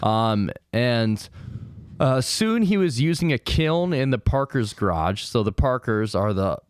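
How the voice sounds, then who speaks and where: Young man, smooth voice, casual profane podcast storytelling, dry close sound. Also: mid-range voice, very animated, measured pace, no echo. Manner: rambling, profane, acts out quoted people. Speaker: podcast co-host telling stories.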